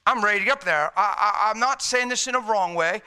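Male pastor, sermon, animated storyteller, high and very bright voice. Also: quick pace, clear, resonant tone.

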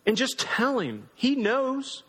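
Bright-voiced preaching man. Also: very high-pitched, wildly swooping pitch, slow, breathy edge. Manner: conversational, emphatic preaching. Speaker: pastor. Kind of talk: sermon. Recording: long hall reverb.

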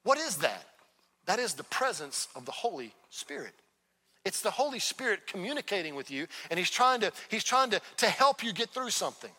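A man preaching a sermon as a pastor in a church, talking conversationally and breaking into quick acted-out dialogues. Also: sits high, big pitch swings, bright, forceful tone. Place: church sanctuary. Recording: long hall reverb.

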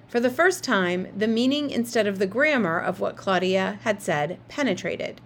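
A woman narrating a children's novel in a steady, expressive reading voice. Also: mid-range voice, moderate pace, few pauses, a little hiss or hum. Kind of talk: storybook read-aloud.

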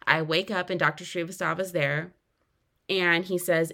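A young woman with a fairly low voice tells her own story on her podcast. She speaks earnestly, and her voice jumps up in pitch and loudness on key moments before settling back. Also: steady tone, moderate pace, gravelly. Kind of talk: personal storytelling.

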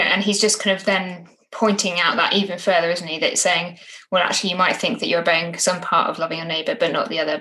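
A woman's voice: on the low side, bright, forceful tone, poor audio. A woman co-hosting a casual Bible study discussion, earnest and reflective, often ending points with tag questions. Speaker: co-host discussing a Bible passage.

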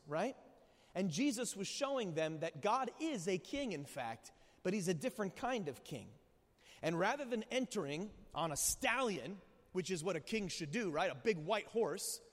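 A man preaching a sermon as a pastor, telling stories with lively rhetorical asides and questions to the church. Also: high-pitched. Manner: animated storytelling, rhetorical asides. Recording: long hall reverb.

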